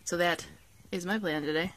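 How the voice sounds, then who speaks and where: A woman's voice: lowish voice, fairly even intonation, normal speed, a little hiss or hum. A woman chatting to camera in a casual vlog, upbeat and self-mocking as she runs through her plans for the day. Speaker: book vlogger.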